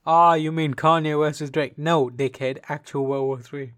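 A man's voice: on the high side, steady tone, a little slow, a bit bright, clear, resonant tone. A young man from the UK co-hosting a podcast, with crude, teasing, sweary casual banter. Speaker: podcast co-host.

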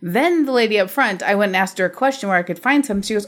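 A woman's voice: medium pitch, fast, hardly any pauses. Woman ranting bluntly on a podcast. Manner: blunt, profane ranting storyteller. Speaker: podcast host. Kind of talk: casual chat.

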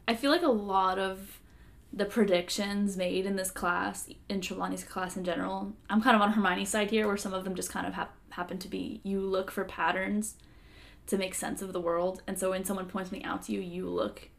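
A young woman co-hosting a podcast who talks in a thoughtful, measured way and hedges her opinions in casual chat. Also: medium pitch, fairly even intonation, gravelly. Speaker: podcast co-host.

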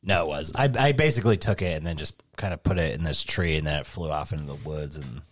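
Deep-voiced man telling a rambling story. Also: fast talker, no echo, studio quality. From New England. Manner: swears a lot, rambling storytelling. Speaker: podcast co-host. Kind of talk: casual chat.

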